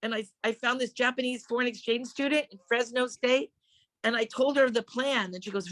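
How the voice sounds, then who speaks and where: Deadpan woman in her sixties telling stories. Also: fairly high pitch, fairly quick, no echo. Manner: deadpan storytelling, acting out quoted voices. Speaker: comedian guest. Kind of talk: casual chat.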